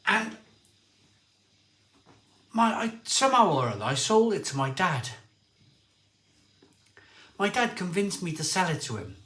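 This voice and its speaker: A middle-aged man hosting a casual livestream, telling rambling, excitable stories and reading out viewer comments. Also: high-pitched, a little slow, pauses often, reverberant. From Barry, Wales. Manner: rambling storyteller, lively and excitable, often restarts sentences. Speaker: livestream host.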